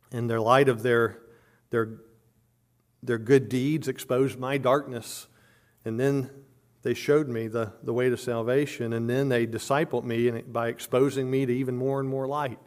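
A man's voice: level tone, a little slow. A middle-aged man preaching a sermon earnestly, stumbling over repeated words and rising on emphatic points. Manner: earnest preaching with frequent word repetitions and restarts; rises in pitch and volume on emphatic points. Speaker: pastor.

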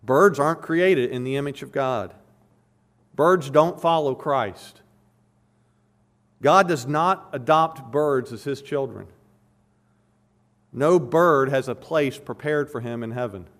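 A man's voice: medium pitch, takes it slowly, long pauses. Man preaching an emphatic sermon. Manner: emphatic, repeats phrases for stress. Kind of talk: expository sermon.

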